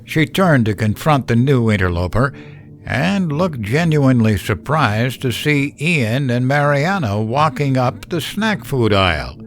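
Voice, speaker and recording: A man narrating a horror story in a slow, measured storytelling style. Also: mid-range voice, big pitch swings, soft background music.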